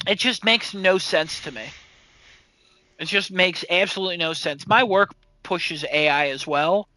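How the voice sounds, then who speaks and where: Brief: male co-host, high and bright, swears freely, dry close sound, ranty and animated. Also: unhurried, no echo. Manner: profane, ranting, animated. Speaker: podcast co-host. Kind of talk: casual chat.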